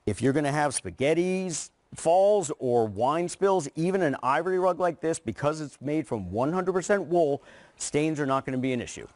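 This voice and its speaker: Man selling rugs on a shopping channel, eager pitch, somewhat high voice, dry studio sound. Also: expressive, normal speed, darkish tone, dry recording. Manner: enthusiastic, persuasive. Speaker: rug company representative. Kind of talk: home shopping sales pitch.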